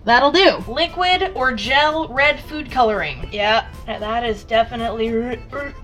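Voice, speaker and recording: A young woman vlogging casually from her home kitchen as she bakes. She chats, swears freely and breaks into loud exclamations. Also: fairly high pitch, a little slow. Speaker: baking vlogger. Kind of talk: casual baking vlog. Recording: distant mic, background music.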